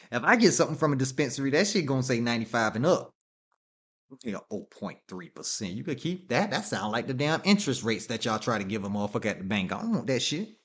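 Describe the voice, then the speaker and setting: A man with a drawl holds forth on his podcast in a loose, profane rant. His voice sits a little high and swoops up and down a lot, and he breaks into laughter between his points. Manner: animated, laughs often, swears freely. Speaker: podcast host.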